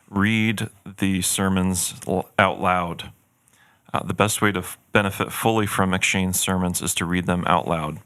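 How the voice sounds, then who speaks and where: A man's voice: sits low, fairly bright tone, clean tone, no echo, studio quality. A man co-hosting a church podcast, chatting earnestly and thoughtfully about a book he recommends. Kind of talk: casual book recommendation chat.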